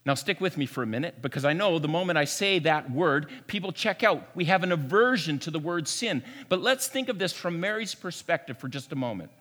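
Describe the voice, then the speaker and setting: A male pastor preaching an Easter sermon, swinging from hushed to emphatic and often repeating words, in a church sanctuary. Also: on the high side, expressive, a little fast, hardly any pauses. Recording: long reverb of a large room.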